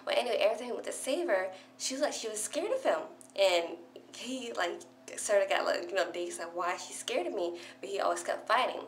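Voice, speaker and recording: A woman's voice: mid-range voice, lively intonation, brisk. Gushing young woman in an echoey room. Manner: gushing, breathless fan chatter full of "like". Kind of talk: excited casual recap to camera. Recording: echoey room with faint hum.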